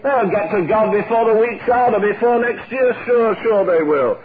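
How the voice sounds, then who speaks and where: A man's voice: high-pitched, normal speed. An older man preaching a fiery revival sermon, impassioned and emphatic, hammering phrases through repetition. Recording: tinny phone-like recording with loud crowd.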